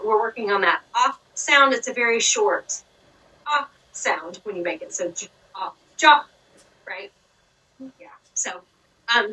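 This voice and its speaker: Bright Southern woman teaching phonics. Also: medium pitch, husky, recorded from a distance, poor audio. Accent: Southern US (Georgia). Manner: encouraging, praising and explaining patiently to a child. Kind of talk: one-on-one reading lesson.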